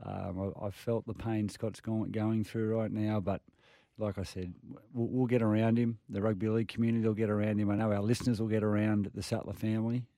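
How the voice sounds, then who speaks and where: Frank radio co-host, gets worked up. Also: male voice, fairly low pitch, little pitch movement, fairly quick, warm tone, no room sound, clean studio sound. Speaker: radio co-host, former player. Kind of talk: sports radio talk. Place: radio studio. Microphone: studio microphone.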